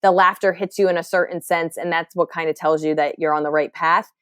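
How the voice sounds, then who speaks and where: A woman's voice: on the low side, fairly even intonation, fairly quick, smooth, no echo, studio quality. A woman comedian in her thirties from New Jersey, talking candidly in a podcast interview, often restarting her sentences. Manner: candid, reflective, with frequent fillers and restarts. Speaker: stand-up comedian, guest.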